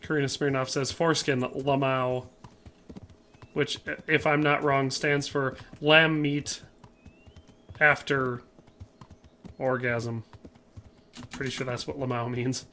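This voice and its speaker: A man's voice: mid-range voice, steady tone, takes it slowly, pauses often, sharp tone, slight background noise. A man streaming a game, chatting casually, reading out viewer comments and answering them with playful jokes. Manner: playful, joking asides. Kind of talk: casual livestream commentary while playing.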